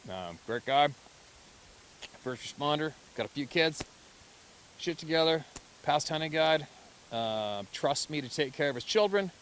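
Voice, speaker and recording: A man, a hunter, talking in a casual monologue, animated and laughing often as he acts out other people's reactions. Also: on the high side, measured pace, pauses often, slight background noise. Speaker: hunter telling encounter stories.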